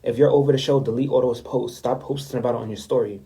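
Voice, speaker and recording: A man's voice: mid-range voice, fairly even intonation, fast talker, warm tone, rough recording. A young man ranting in a story-time vlog, indignant and repetitive, talking straight to his viewers. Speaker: vlogger. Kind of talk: story time rant to camera.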